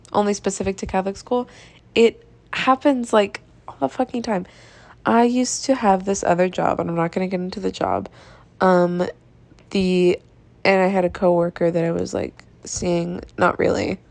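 A young woman hosting a podcast, telling a story in a casual, chatty monologue with swearing, sighs and laughs, exasperated and animated. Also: medium pitch, moderate pace, gravelly, no echo. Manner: animated, exasperated, drops to mutters. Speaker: podcast host.

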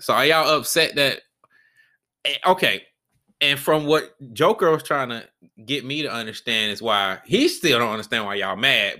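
A man hosts a solo podcast with no script, talking bluntly and with plenty of profanity. His voice is bright and forceful, and he keeps circling back over his own sentences. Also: mid-range voice. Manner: blunt, profane and rambling, with repeated restarts. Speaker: podcast host. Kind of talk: unscripted solo podcast rant.

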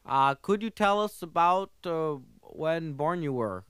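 A fussy French talk-show host, played by a man in an old comedy record sketch. He speaks very slowly in a smooth, slightly high voice with a French accent, and he hesitates with "uh" and tangles his English. The sound is dry and close. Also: expressive, a bit bright, dry recording. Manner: hesitant, lots of "uh", mangled English phrasing.

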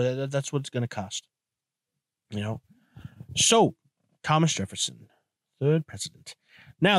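A podcast host, a young man with a slightly high voice, delivers a casual solo monologue as a loose, profane ramble. He keeps circling back with restarts and asides, and the dry, close sound carries no room around it.

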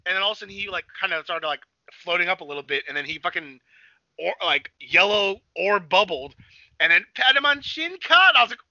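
A young man with a high, lively voice talks in an excited rush, swearing freely and breaking into loud acted-out shouts. His tone is very bright and sharp. The sound is dry and a little dull. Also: a little fast, dry recording. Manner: excitable, swears a lot, acts out scenes in shouts. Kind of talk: excited casual chat.

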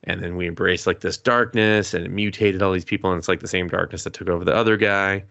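A man's voice: sits low, steady tone, fast talker, creaky, sharp tone, no room sound, dull audio. A man co-hosting a podcast, casually recapping an anime episode, acting out the characters' lines, laughing and swearing as he goes. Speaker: podcast co-host.

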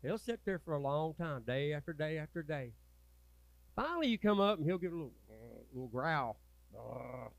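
A man preaching a sermon as pastor, folksy and swinging from loud urging to low, quiet asides. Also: sing-song, fairly quick, no echo. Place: church sanctuary.

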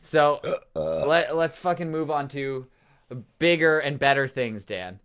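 A man's voice: fairly high pitch, big pitch swings, a bit bright, smooth. A man co-hosting a casual podcast, swearing a lot and restarting his sentences. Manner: crude, swearing, halting restarts. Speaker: podcast co-host.

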